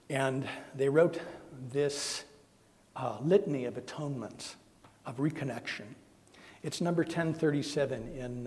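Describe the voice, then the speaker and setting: Male minister, earnest sermon storytelling, mid-pitched, in a reverberant sanctuary. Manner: earnest, emotional storytelling with soft quoted voices. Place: church sanctuary. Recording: long hall reverb.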